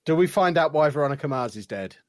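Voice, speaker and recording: A man with a slightly high voice trades dry, sardonic quips on a podcast. His voice is recorded very dry, with no room sound. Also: lively intonation, quick pace, a little mellow, no echo. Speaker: podcast co-host. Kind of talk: casual chat.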